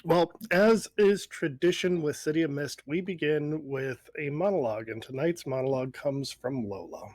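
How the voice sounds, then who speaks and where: A man narrating a tabletop role-play as game master in a measured way. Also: on the high side, lively intonation, a little mellow, no echo.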